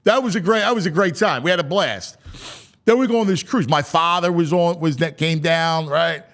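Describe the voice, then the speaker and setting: A man hosting a sports talk show, telling stories in an excitable way, his voice climbing high when he gets worked up. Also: moderate pace. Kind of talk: animated podcast chat.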